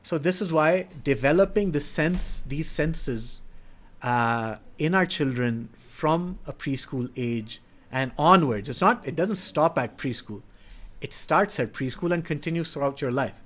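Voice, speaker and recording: A middle-aged man with a slightly higher speaking voice gives an earnest, patient explanation. He teaches as he talks, now and then slipping into the lines a parent or child might say to show his point. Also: expressive, unhurried, fairly bright tone. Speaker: educator speaking on child development. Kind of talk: explanatory talk.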